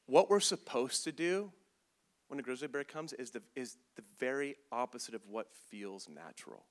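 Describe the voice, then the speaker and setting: A man preaching a sermon as a pastor, animated and comedic, acting out little scenes to make his point. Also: medium pitch, moderate pace.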